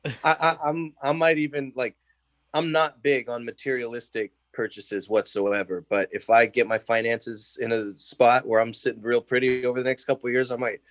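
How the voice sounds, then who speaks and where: A man's voice: medium pitch, moderate pace, no room sound. A young man as a podcast guest in casual chat, telling stories and acting out the quotes with a laugh. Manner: animated storyteller, acts out quotes, laughs often.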